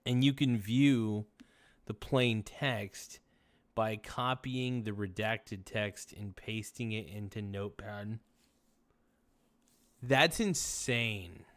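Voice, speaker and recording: A man's voice: on the low side, slow pace, a bit bright. A man hosting a casual livestream talk show, reading viewer messages aloud in a tired, rambling, laid-back way. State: tired, yawning. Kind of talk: casual late-night stream chat reading viewer messages.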